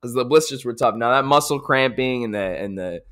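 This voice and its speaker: A man's voice: mid-range voice, brisk, fairly bright tone. A man giving a casual, pumped-up recap of his race as a triathlete, repeating phrases and swearing for emphasis.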